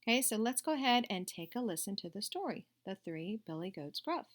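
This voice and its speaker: A woman teacher giving a recorded lesson to young children, patient and unhurried with occasional hesitations. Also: medium pitch, very animated.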